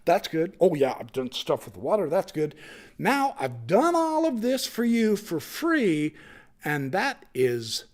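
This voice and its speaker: A man's voice: sits high, huge pitch swings, a little slow, exaggerated voice. A man doing a folksy, cheerful God. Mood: satisfied. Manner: folksy, offering advice. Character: God, generous cheerful male creator.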